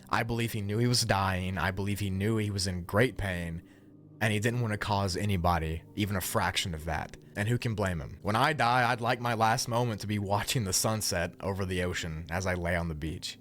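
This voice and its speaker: A man narrating a scripted mystery video as a YouTuber, with a measured, reflective delivery. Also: lowish voice, fairly bright tone.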